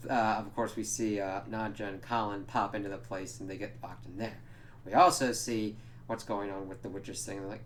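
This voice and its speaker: A man's voice: on the low side, fairly even intonation, normal speed, a little hiss or hum. A man giving a casual spoken recap of a show, rambling and swearing, with lots of fillers. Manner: rambling, profane, many fillers. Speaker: show reviewer.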